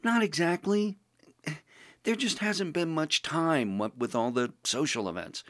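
A man playing a pompous, social-climbing young male journalist with affected, genteel high-society phrasing. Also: measured pace, a bit bright, no echo, studio quality. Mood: airy, pleased. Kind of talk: podcast role-play.

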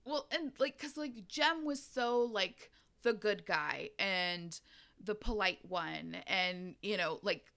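A woman's voice: mid-range voice, slow pace, bright, forceful tone. A woman hosting a casual chat about a book, talking loosely with lots of "like" and swearing. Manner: chatty, profane, filler-heavy, giggly. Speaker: podcast host recapping a book.

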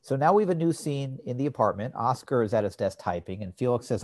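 A man co-hosting a podcast, recapping an old sitcom episode in a relaxed, explanatory way. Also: medium pitch, fast talker, few pauses, no room sound, clean studio sound. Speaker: podcast co-host. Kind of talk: casual chat, recapping an episode.

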